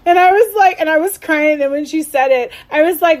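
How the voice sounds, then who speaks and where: A woman's voice: high voice, fairly quick, hardly any pauses. A young adult woman co-hosting a podcast, gushing and laughing often, full of "like" fillers. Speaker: podcast co-host. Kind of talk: casual chat.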